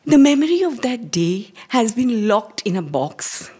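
Cast a husky-voiced woman in her forties with an Indian accent, telling her story on stage, slow and halting, sometimes near a whisper. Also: fairly high pitch, very animated, mellow. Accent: Indian English. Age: 40s. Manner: measured and hesitant, dropping to near-whispers. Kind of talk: personal story told live on stage. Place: live stage.

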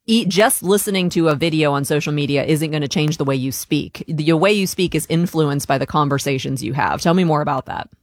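An interview host asks questions at a medium pitch, measured and prompting. The sound is dry and close, with no room around it. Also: dry recording.

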